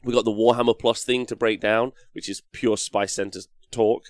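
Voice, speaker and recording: Brief: male host of a live stream, fairly low, voice worn hoarse, rambly and upbeat, dry close sound. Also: normal speed, dry recording. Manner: energetic, rambling, reads out chat messages. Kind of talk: live-streamed show chat.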